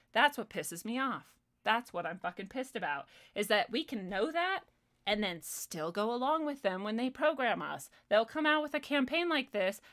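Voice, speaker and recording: A woman's voice: fairly high pitch, fairly bright tone. Heated, profane woman ranting on stream. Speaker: livestream host. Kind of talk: casual commentary monologue.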